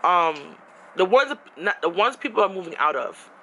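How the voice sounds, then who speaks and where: A woman ranting about her apartment in a casual vlog, frustrated and animated, her pitch jumping high when she's exasperated. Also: moderate pace, highs cut off. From New York. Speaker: vlogger. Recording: background noise.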